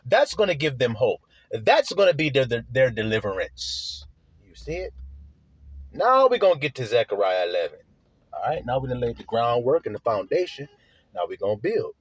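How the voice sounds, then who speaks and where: With a mid-range, slightly breathy voice and no echo, a man preaches a sermon, reading scripture aloud and stopping to question his listeners. His style is blunt and casual, with slang, swearing and drawn-out key words for emphasis.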